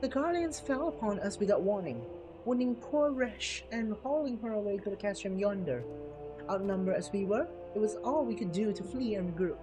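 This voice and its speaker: A man's voice: high voice, animated, moderate pace. Guy doing a serious young soldier woman from a game, formal old-timey talk, game music going behind. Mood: urgent. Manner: formal, old-fashioned phrasing. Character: earnest young woman resistance soldier, urgent. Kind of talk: reading game dialogue aloud.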